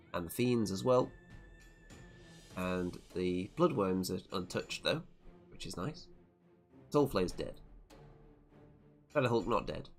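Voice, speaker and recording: A man narrating a tabletop wargame tournament report turn by turn, with a wry, self-deprecating play-by-play manner. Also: low-pitched. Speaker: tabletop wargame channel host.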